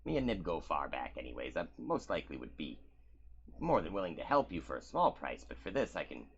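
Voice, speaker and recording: A man's voice: extremely low pitch, huge pitch swings, fairly quick, fairly bright tone, a little hiss or hum, heavily acted. A man voicing a weary male wrestling booker who drawls in a hesitant, businesslike way. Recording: muffled lo-fi audio.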